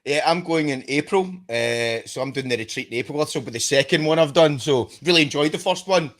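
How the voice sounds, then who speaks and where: A man's voice: a little high, fairly quick, a bit bright. A man, a guest DJ chatting casually, rambling and repeating his words. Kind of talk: casual chat.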